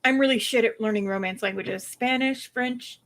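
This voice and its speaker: A young woman with a fairly high voice chats casually and laughs often. She tells stories with bounce and playfully coaches her co-host through foreign phrases. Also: moderate pace, a bit bright. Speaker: streamer chatting with a co-host. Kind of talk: casual chat.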